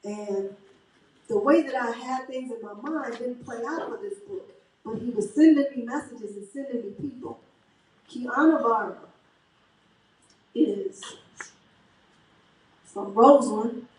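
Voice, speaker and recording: Fairly high-voiced woman addressing a roomy hall. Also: measured pace, long pauses. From Chicago. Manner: earnest and rousing, addresses the crowd as y'all. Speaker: author hosting her book launch. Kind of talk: speech at a book reception. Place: event hall at a book reception. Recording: echoey hall, mic from a distance, faint ambience.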